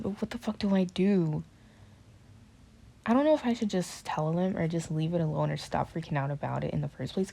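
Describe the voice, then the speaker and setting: A woman's voice: mid-range voice, creaky, dark tone. A young woman, a student, talking in a casual confessional chat, rambling and nervous, full of fillers, slang and swearing. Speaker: student vlogger.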